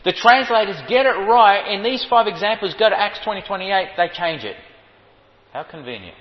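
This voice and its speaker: This preacher speaks briskly in a high voice, delivering a sermon on the Greek wording of the Bible. Emphatic, he keeps repeating key phrases and quizzing listeners, captured in a lo-fi hall with a long reverb tail.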